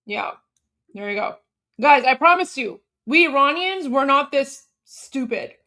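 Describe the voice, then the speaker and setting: A sharp-tongued woman hosts a reaction stream, scornful and animated. Her voice sits somewhat high, and she talks between bites of food. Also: unhurried. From Canada. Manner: eating while talking. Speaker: host.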